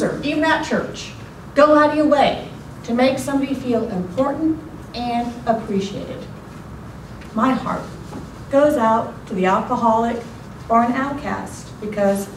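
A woman in her forties delivers a motivational contest speech in a high voice, with a theatrical, emphatic delivery. She is recorded from the back of an echoey club room, so her voice sounds distant. Background noise runs underneath. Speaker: contest speaker. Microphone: far room mic. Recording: echoey room from far off, noisy.

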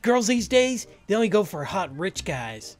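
A man voicing a smug, whiny young know-it-all who talks quieter and higher than his narration. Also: very animated, normal speed.

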